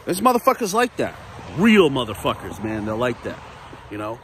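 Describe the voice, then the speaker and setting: A man's voice: mid-range voice, huge pitch swings, moderate pace, fairly bright tone, a little hiss or hum. A man ranting casually to camera in a vlog, profane, rambling and repetitive. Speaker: vlogger.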